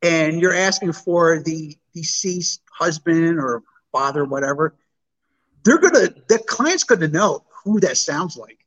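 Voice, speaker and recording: A man's voice: on the high side, animated, a bit bright, poor audio. A man, a paranormal investigator, talking casually and often restarting his sentences. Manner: halting, repeats words when starting. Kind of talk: casual chat.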